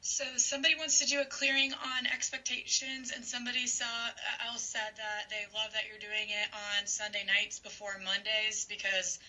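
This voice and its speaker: A woman's voice: mid-range voice, flat delivery, normal speed, hardly any pauses, pushed and bright, low-quality recording. A woman co-host relaying a viewer's question on a livestream, with hesitant fillers.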